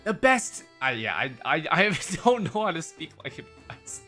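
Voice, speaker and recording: A man's voice: on the high side, big pitch swings, moderate pace, sharp tone, soft background music. A young man streaming a game, rambling casually to his chat with swearing and restarts.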